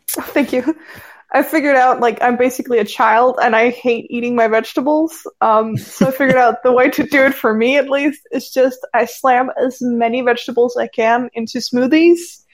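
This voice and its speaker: A woman's voice: a little high, steady tone, moderate pace. A woman chatting on a video call, light and self-mocking. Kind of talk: casual chat.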